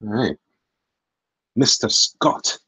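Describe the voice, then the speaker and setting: A man's voice: on the low side, expressive, extremely slow, bright, forceful tone, slightly rough, no echo, rough recording. A man, a comic artist, chatting casually to his livestream audience while he draws, rambling and poking fun at himself. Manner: rambling and self-deprecating, talks to chat.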